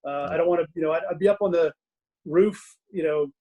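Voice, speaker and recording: Chatty middle-aged man, slightly high voice. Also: fast, warm tone, poor audio. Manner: chatty, self-mocking, laughs through anecdotes. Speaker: guest author. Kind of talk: casual storytelling interview. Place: home den.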